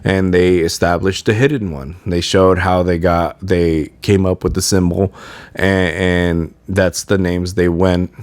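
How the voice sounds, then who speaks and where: A man's voice: deep voice, flat delivery, measured pace, no echo. A man hosting a podcast in casual chat, rambling with many fillers and restarts. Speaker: podcast host.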